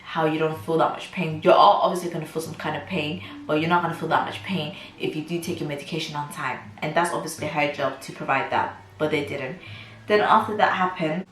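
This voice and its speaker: Young woman, storytime vlogger, lowish voice, indignant retelling, echoey room. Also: fairly even intonation, a little fast, fairly bright tone. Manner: candid and indignant, acting out the lines of the people in her story. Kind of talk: storytime vlog, casual retelling. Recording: roomy echo with faint ambience.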